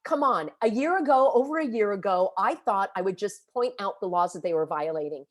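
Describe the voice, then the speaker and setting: A woman's voice: medium pitch, lively intonation, brisk. A woman vlogger ranting to camera, upset and agitated, scolding and calling people out with emphatic indignation. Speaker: vlogger and activist. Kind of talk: impassioned direct-to-camera rant.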